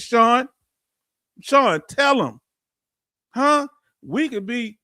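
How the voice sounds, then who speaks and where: A man's voice: very high-pitched, fairly bright tone, no echo, studio quality. A man with a Southern Texan accent hosting a casual livestream, blunt and straight-talking as he speaks to his viewers. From Houston, Texas. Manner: blunt, straight-talking, addresses chat directly. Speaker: livestream host.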